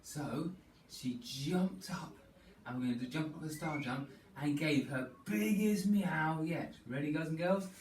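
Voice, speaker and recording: A man leading a children's storytelling yoga class, playful and animated, coaxing the children through each pose. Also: on the high side, slight background noise. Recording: echoey room, distant mic, faint ambience.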